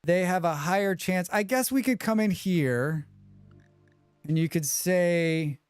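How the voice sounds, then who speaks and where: A man hosting a live game stream, chatting quickly with viewers and thinking aloud as he plays. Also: high-pitched, smooth, no echo, studio quality, soft background music. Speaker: livestream game host. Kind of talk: casual live gameplay commentary.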